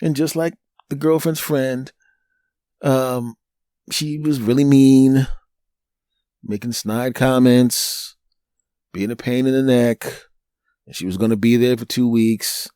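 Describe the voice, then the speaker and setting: A man's voice: medium pitch, slow pace, pauses often, clear, resonant tone, no echo, studio quality. A man with a Northeastern US accent hosting a solo podcast, telling a story animatedly and acting out the people in it. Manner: animated, acts out quoted people. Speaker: podcast host.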